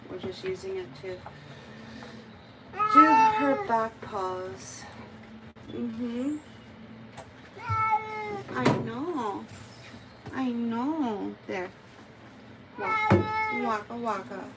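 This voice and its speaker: A woman's voice: a little high, big pitch swings, drawn-out words, long pauses, very noisy. A woman cat groomer chatting on a live stream, cooing baby talk to the cat she grooms.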